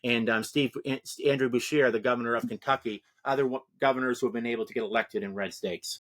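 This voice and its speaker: A man giving an animated, discursive account as an interview guest discussing politics. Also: mid-range voice, fast. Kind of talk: casual interview talk.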